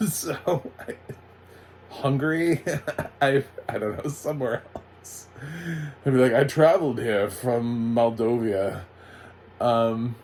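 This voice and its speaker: A man's voice: on the low side, a little mellow, slight background noise. A man giving a casual, rambling TV recap, sarcastic, with lots of fillers and restarts. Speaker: TV recap reviewer. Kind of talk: casual spoken review.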